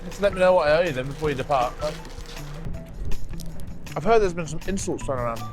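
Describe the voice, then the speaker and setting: A man with a fairly high, nasal and croaky voice that sounds permanently blocked up. He talks fast and jokes around as he hosts a scrapyard vlog outdoors. Music plays clearly under his voice. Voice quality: nasal, croaky, as if he had a cold. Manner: fast-talking, jokey. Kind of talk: casual chat.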